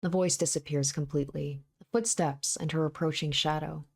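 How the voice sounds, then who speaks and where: A woman's voice: sits low, steady tone, fairly quick, husky. Woman reading a visual novel aloud. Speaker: let's play narrator.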